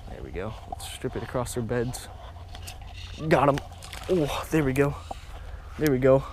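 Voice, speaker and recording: Excitable young man fishing outdoors. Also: medium pitch, unhurried, background noise. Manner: excitable, repeats himself, keeps saying "guys" and "oh my gosh". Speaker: fishing vlogger. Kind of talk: casual outdoor vlog commentary. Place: outdoors at a pond.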